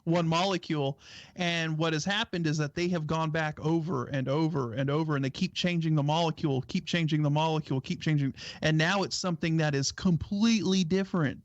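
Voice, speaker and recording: A man's voice: fairly high pitch, fairly even intonation, a little fast, no room sound, muffled recording. A man co-hosting a casual talk stream, explaining earnestly with lots of "you know" and "right?". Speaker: co-host. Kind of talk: casual chat.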